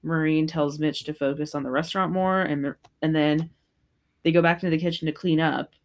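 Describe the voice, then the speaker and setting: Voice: mid-range voice, fairly even intonation, a little fast. A podcast co-host recapping an episode in casual chat, laughing often and swearing freely.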